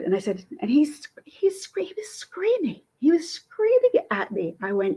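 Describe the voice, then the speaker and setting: A woman vlogger telling a story in a casual, indignant and animated way. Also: fairly high pitch, slightly rough. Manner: indignant, animated, quick talk.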